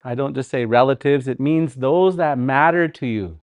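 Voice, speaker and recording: A middle-aged man teaching a livestreamed language class, repeating words slowly, chanting song lines and laughing often. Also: medium pitch, smooth, no room sound, lo-fi sound.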